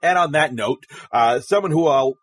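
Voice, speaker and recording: A man's voice: fairly high pitch, normal speed, husky. A man hosting a webcomics news podcast, making dry, sarcastic asides. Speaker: podcast host.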